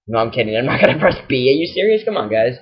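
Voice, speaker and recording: Young male gamer narrating his playthrough, animated and fed up, shouting at foes. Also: medium pitch, rapid-fire, breathy edge, lo-fi sound. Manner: excitable, exasperated, yells at enemies. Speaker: gaming channel host. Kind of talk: casual let's-play commentary.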